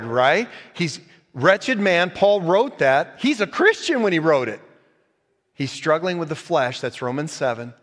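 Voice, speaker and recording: A male pastor preaching a sermon, animated and joking, swinging from quiet asides to loud emphatic points. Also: fairly high pitch, unhurried, long reverb tail. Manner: joking, laughs at own stories. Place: church sanctuary.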